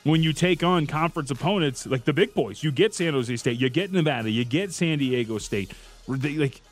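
Radio co-host, slightly high voice. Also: male voice, lively intonation, normal speed, faint music behind. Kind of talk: casual sports talk.

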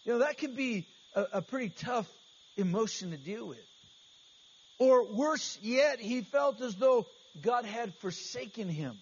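A man's voice: extremely high pitch, lively intonation, a little slow, breathy edge. A man preaching an earnest, conversational sermon as pastor, often restarting his phrases. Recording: slightly dull, faint hiss.

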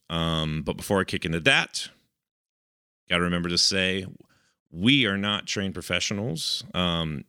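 Male podcast co-host, low voice, sharp tone, chatty and filler-heavy. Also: clean tone, no room sound, clean studio sound. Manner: rambling, filler-heavy, chuckling. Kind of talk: casual podcast chat.

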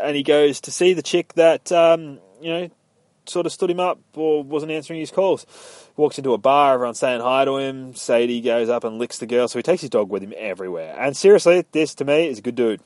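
A young man casually retells a game's story, rambling and swearing and slipping into quoted voices as he recaps it. His mid-range voice is brisk and a little mellow, with no room sound.

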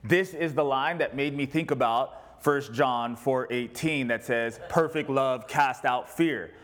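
A man pastor preaching casually to his congregation, animated and jokey, acting out little quoted lines. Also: medium pitch, a little slow. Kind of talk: sermon with congregation questions.

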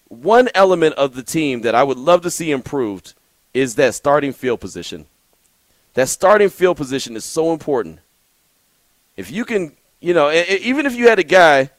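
Sports radio host, male, slightly high voice, chatty and laughing, dry studio sound. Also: fairly bright tone, no echo. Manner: chatty, laughs often, restarts sentences. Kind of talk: call-in sports talk radio.

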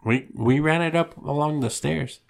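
A man chatting casually on a podcast, laid-back and quick to laugh. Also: a little high, creaky. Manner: laid-back, laughs easily, short reactions. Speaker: podcast co-host. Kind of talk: casual chat.

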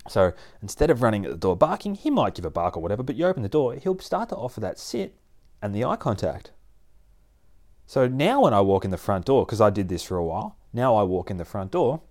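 A man explaining dog training in a casual, animated way, often laughing and acting out his dog. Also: on the low side, a little fast. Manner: animated, acts out dogs and people in playful voices, laughs often. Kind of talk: casual instructional talk.

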